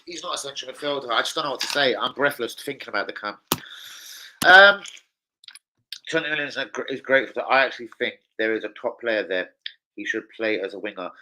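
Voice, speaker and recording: A young man ranting casually to camera as a football fan vlogger, sweary, slangy and excitable. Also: mid-range voice, a little fast.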